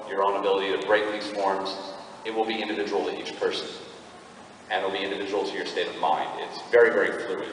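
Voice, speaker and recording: A man's voice: sits low, slight background noise. Man talking far off in echoey hall. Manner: rambling explainer with frequent ums and restarts. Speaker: convention panel guest. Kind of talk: casual panel talk answering a fan. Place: convention panel room. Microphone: fan camera in the audience, far off.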